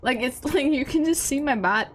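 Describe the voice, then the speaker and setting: A woman's voice: high-pitched, normal speed, slight background noise. A young woman streaming a game, hiccuping, giggling and swearing in casual chat.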